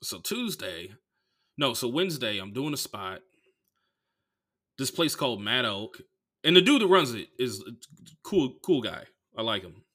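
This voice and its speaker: A comedian from the Bay Area tells stories on his podcast. He is loose and profane, and he fills his speech with "like". His man's voice sits at a middle pitch with a bright, forceful edge. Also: measured pace, pauses often, slightly rough. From San Francisco Bay Area. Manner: animated, profane, heavy use of "like". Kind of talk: casual comedic storytelling.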